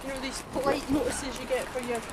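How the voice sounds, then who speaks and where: High-voiced woman, loud street. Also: flat delivery, fast talker. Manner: anecdotal, storytelling. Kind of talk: casual chat. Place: town street outdoors. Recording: loud street noise behind the voice.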